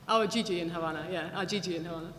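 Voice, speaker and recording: A woman with a fairly low voice gives a very fast, anecdotal talk as a guest speaker at a public event, followed by audience Q&A. She's a chatty, animated storyteller who restarts sentences and uses lots of fillers, recorded in an echoey hall with faint background noise.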